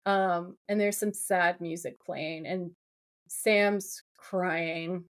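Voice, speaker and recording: A woman's voice: lowish voice, extremely slow. A woman co-hosting a podcast, retelling a TV episode in casual chat full of fillers. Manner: animated, filler-heavy retelling. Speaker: podcast co-host.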